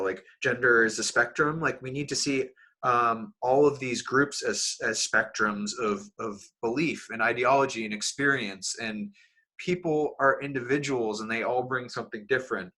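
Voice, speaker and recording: A man's voice: mid-range voice, sharp tone. A young man hosting a casual podcast chat, rambling with many fillers and restarts. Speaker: podcast host.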